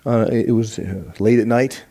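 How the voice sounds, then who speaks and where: A man's voice: lowish voice, fairly even intonation, moderate pace, dark tone, a little hiss or hum. A man teaching a sermon on the teaching team in an earnest, emphatic way. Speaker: church teacher.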